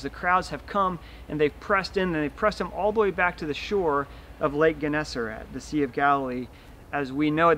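A man's voice: on the high side, a bit bright, a little hiss or hum. A man preaching a sermon as pastor, retelling a scene vividly and acting out the dialogue.

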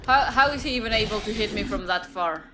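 A woman streamer narrating a game she plays for the first time, fretting out loud and cursing at it. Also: medium pitch, fast talker, noisy background. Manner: swears often and frets loudly at the game. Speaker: gaming streamer. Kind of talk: blind let's play commentary. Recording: loud game music behind voice.

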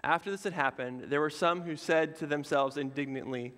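A man pastor preaching a sermon in a relaxed, conversational way, with casual asides and fillers. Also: a little high, a little fast, long reverb tail. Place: church sanctuary.

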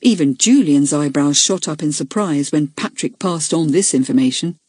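Husky woman narrating a children's book. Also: sits low, animated, moderate pace, a little mellow, no room sound. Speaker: audiobook narrator. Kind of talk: scripted narration.

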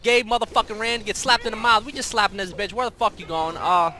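A man's voice: sits high, steady tone, fast, pushed and bright. A young man giving brash, profane, boastful commentary over his own gameplay. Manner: brash, profane, trash-talking. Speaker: streamer. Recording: faint background noise.

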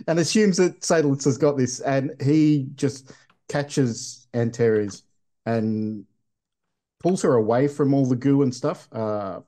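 A man playing a tabletop game, describing his character in a halting way. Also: mid-range voice, mellow. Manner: halting, stops and restarts. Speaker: player. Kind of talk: casual tabletop play.

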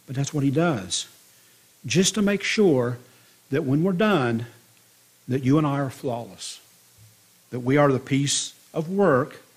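A man's voice: medium pitch, breathy edge. A man preaching a sermon as a pastor, telling a story with emphasis.

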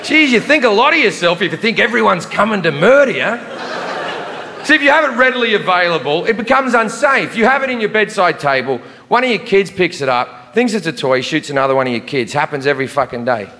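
High-voiced man ranting on stage. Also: animated, fairly quick. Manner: profane, ranting, swings from shouting to muttered asides. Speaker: stand-up comedian. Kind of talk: stand-up comedy routine. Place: large theater with a live audience. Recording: live concert recording in a reverberant hall, audience laughter. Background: crowd laughter and room noise.

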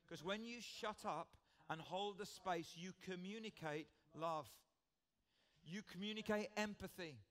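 A British man delivers a church sermon in a fairly high-pitched voice. He talks in an earnest, conversational way, circling back to repeat his key phrases. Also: fairly bright tone. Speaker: preacher.

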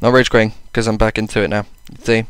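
Young guy narrating his game, swears a lot, jumps to loud yells now and then, clean crisp voice, dry close mic. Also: on the low side, little pitch movement, fast talker, no echo. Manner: swears often, self-mocking, sudden loud outbursts. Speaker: gaming channel host. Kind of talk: casual gameplay commentary.

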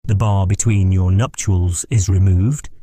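A man's voice: deep voice, steady tone, measured pace, mellow, slightly rough. A man reading an audiobook, voicing a stern, proud noblewoman who commands her son. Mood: imperious. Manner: stern, imperious. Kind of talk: audiobook character voice.

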